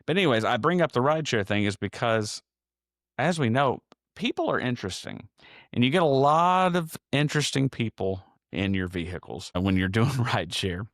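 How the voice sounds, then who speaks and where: A man's voice: medium pitch, animated, normal speed, a bit bright, dry recording, clean studio sound. A man hosting a casual solo podcast, telling a rambling story with chuckles and restarts. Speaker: podcast host.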